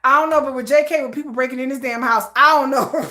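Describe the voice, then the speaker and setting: A K-pop news vlogger chats casually to camera in a playful, joking way, laughing often. Her voice is high, bright, and forceful, and she talks fairly quickly.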